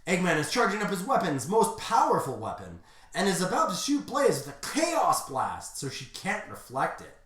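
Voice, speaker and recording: A woman streamer reading fan fiction aloud with wry, deadpan asides. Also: fairly low pitch, normal speed, a little hiss or hum. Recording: roomy echo.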